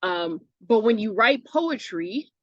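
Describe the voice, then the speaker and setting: A woman's voice: medium pitch, expressive, takes it slowly, no echo, lo-fi sound. Patient woman teacher, dry close sound. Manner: patient, lots of fillers and "right?" checks. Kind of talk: explaining a lesson casually.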